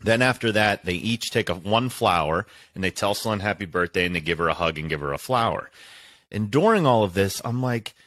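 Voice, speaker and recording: A man in his thirties with a low voice and a dry, close sound tells a long story in a relaxed, rambling way. He hosts the chat and gets emotional as he goes. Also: a little fast, no echo.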